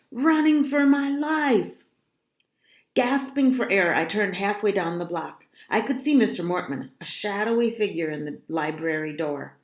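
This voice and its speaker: A woman reading a children's novel aloud in a dramatic, expressive storytelling manner. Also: on the low side. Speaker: reader of a children's book. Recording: roomy echo.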